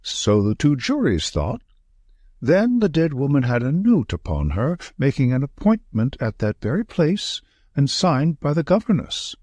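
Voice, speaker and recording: A man voicing a sharp, confident male detective who asks brisk, probing questions. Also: medium pitch, wildly swooping pitch, no echo, studio quality, pitched above the performer's own voice. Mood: reasoning.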